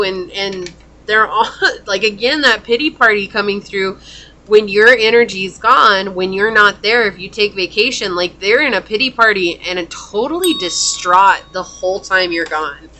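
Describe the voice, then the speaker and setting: A woman's voice: mid-range voice, moderate pace, sharp tone. A woman giving a casual pick-a-card tarot reading, rambling and filling her talk with "like". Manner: rambling, frequent "like" fillers. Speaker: tarot reader.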